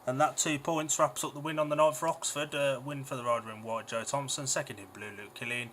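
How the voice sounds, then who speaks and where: A man's voice: mid-range voice, steady tone, brisk, fairly bright tone, slight background noise. A man, a young adult co-host, reading race lineups and giving blunt, emphatic opinions in casual banter. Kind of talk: speedway watch-along chat.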